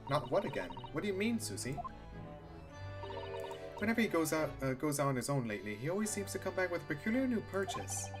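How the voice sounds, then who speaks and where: A woman's voice: low-pitched, sing-song, fast, music in the background. A woman voicing a polite, earnest young female assistant with a prim, formal manner.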